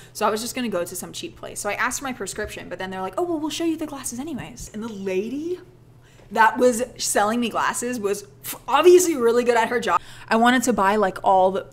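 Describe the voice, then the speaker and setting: A young woman telling a rambling, self-deprecating story in a casual vlog, acting out the people she quotes. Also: mid-range voice. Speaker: vlogger.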